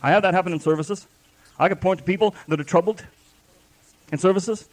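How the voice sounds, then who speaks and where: Guy preaching at church, pretty high voice, fervent and folksy, keeps repeating himself. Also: fairly quick, darkish tone. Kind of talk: sermon.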